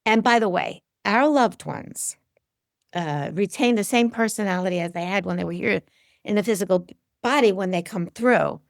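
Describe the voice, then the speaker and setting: A middle-aged woman, a medium and interview guest, telling stories lively and acting out what people said. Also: moderate pace, vocal fry, no echo, clean studio sound. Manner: animated storyteller, acts out quotes with big pitch jumps. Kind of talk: storytelling in a podcast interview.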